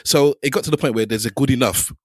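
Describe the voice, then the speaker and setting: A man talks quickly on a podcast, laying out his point and cutting in on others. His voice sits in a middle pitch and sounds dry and close. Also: breathy edge, no echo. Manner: fast, explanatory, talks over others. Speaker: podcast co-host. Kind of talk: casual chat.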